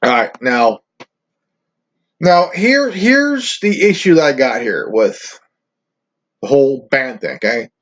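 Heard through a dull lo-fi recording, a man rants profanely on his own channel, rambling and stammering as he goes. His mid-range voice swings widely in pitch and has a fairly bright tone, and he talks slowly with long pauses.

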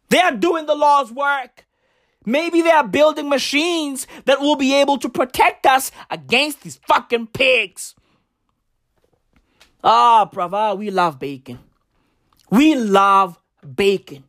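A comedian delivering a rant full of street slang and swearing, often jumping up into shouts. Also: sits high, slow pace, no room sound, clean studio sound. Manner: slang-heavy, profane, animated swings into shouting.

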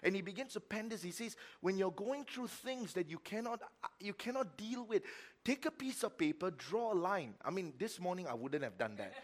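A middle-aged man preaching a sermon as pastor, telling a story with emphatic repetition and sudden swings between loud and quiet. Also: sits high, sing-song, normal speed. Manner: repeats words for emphasis.

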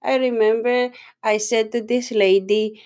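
A woman with a Filipino accent whose first language is Tagalog, chatting casually and emotionally with halting phrasing and frequent laughs. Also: fairly high pitch, steady tone, darkish tone. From Philippines. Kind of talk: casual chat.

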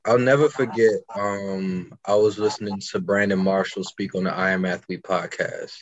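A young man co-hosting a podcast, telling stories in casual chat with fast bursts and frequent restarts. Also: on the low side, steady tone, lo-fi sound. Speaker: podcast co-host.

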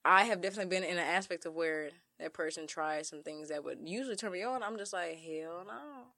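A woman's voice: fast talker, no room sound, clean studio sound. A young woman co-hosting a podcast, chatting casually in slang and acting out little scenes.

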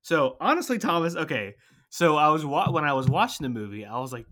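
A young man with a slightly high voice co-hosts a relaxed chat. He cuts in with quick, jokey corrections and asides. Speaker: podcast co-host. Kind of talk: casual chat.

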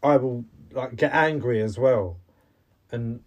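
Halting, earnest man in casual chat. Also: medium pitch. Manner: earnest, halting, with many restarts. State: coughing. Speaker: podcast co-host.

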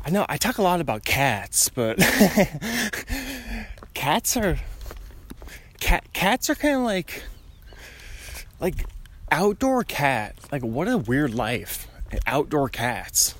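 A man's voice: a little high, sing-song, slow pace, pauses often, fairly bright tone, husky. A young man talking casually to himself while walking outside, rambling from thought to thought and chuckling often. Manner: wandering, musing, chuckles often. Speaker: vlogger. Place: outdoors on a residential street, walking.

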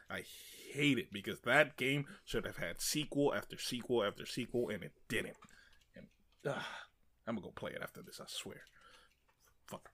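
A man co-hosting a casual podcast, grumbling and dropping into low mutters. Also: pushed and bright. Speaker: podcast co-host. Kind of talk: casual chat.

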